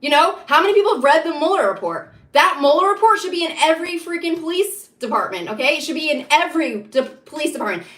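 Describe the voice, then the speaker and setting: Casting: woman, bright and high, emphatic and repetitive political rant. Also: animated, quick pace, few pauses. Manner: emphatic, repetitive, rising to heated insistence. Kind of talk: impassioned political monologue. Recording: echoey room.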